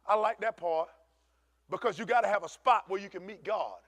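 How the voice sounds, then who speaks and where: Pastor preaching in church, high-pitched man, animated and chatty, close dry mic. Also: a little fast, no room sound. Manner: animated preaching, swings from shouting to low asides; conversational, uses African American Vernacular English. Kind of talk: sermon.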